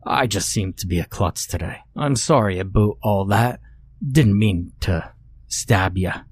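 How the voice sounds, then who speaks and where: A creepily polite killer, voiced by a man with a Canadian accent, apologizing in a low, husky murmur. He drawls each word slowly and sheepishly, soft and under his breath, in a spoken horror story. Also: dry recording.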